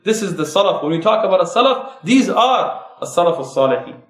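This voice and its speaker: Male preacher, high voice, fervent rhetorical delivery, recorded in a reverberant mosque hall. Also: very animated, fairly quick. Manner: impassioned, rhetorical questions, rising emphasis. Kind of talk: sermon.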